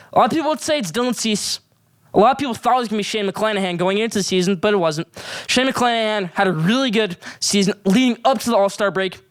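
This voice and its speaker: A man's voice: high-pitched, no echo. A young man hosting a solo sports show, giving emphatic, opinionated hot takes and rankings. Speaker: sports podcast host.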